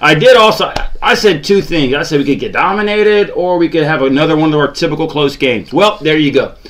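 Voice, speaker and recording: Guy ranting after a loss, kinda high voice, groans a lot, sarcastic. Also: a little fast, fairly bright tone. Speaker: sports channel host. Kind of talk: ranting fan commentary.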